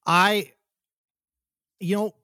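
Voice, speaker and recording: A man's voice: high voice, fairly even intonation, extremely slow, sharp tone, no echo, studio quality. Chatty upbeat man co-hosting a podcast. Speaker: podcast co-host. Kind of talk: casual podcast chat. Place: home office. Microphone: home office computer mic.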